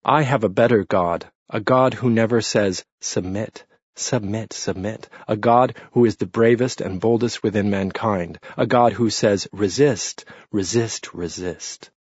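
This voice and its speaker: A man's voice: on the low side, a little slow, darkish tone, slightly rough, no echo. A sneering, defiant peasant killer, as a male narrator puts him on. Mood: contemptuous defiance. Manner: contemptuous, leering, defiant taunts. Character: defiant bound peasant assassin man, sneering and blasphemous. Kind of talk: audiobook narration. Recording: dull lo-fi dry read.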